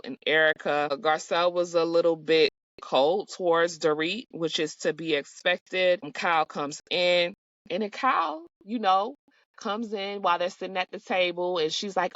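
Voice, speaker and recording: A woman's voice: medium pitch, normal speed, a bit bright, no echo. A sassy woman recaps reality TV in a blunt, cussing, slangy way. Her voice sits in a middle register, and it comes through a slightly dull recording with a dry sound. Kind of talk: casual recap commentary.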